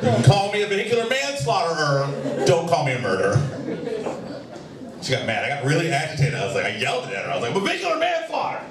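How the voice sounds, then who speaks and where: A man working a stand-up set, his voice high for a man and swinging widely as he tells a profane, exasperated story. He sounds far from the mic in an echoey room, with loud crowd laughter breaking through. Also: animated, fast talker. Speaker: stand-up comedian. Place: bar comedy stage before a live audience.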